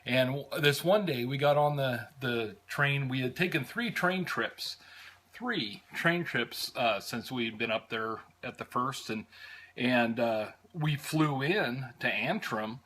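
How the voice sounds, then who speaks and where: An American man telling a travel story in a casual, rambling way, with frequent pauses and restarts. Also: medium pitch. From United States. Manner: rambling, many "uh"s and restarts, warm fondness.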